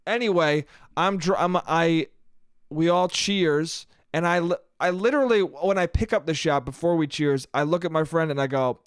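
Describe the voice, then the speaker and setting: A man hosts a solo podcast and tells a comic story with plenty of swearing. His voice sits a little high, and he is quick to make fun of himself. The recording is dry and close, with no room echo. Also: clear, resonant tone. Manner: profane, animated, self-mocking. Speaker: podcast host. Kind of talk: solo comedic storytelling monologue.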